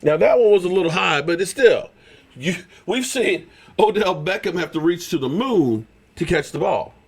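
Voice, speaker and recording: A man hosts a fan live stream, fired up and teasing rival fans. His pitch sits a little high and swings widely. His voice is starting to strain from the shouting. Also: lively intonation, normal speed, slightly rough. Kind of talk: excited live-stream sports talk.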